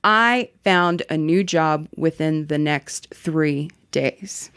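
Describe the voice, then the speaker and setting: A woman reading a story aloud in an animated, casual way. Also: low voice, takes it slowly, clear, resonant tone, dry recording, studio quality. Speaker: story reader.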